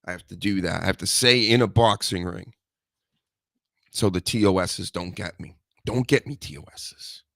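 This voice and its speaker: Rambling, jokey low-voiced male podcaster. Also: normal speed, gravelly, fairly bright tone, no room sound, studio quality. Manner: rambling, jokey, mock-threatening. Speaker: podcast host. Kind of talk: casual solo wrestling podcast chat.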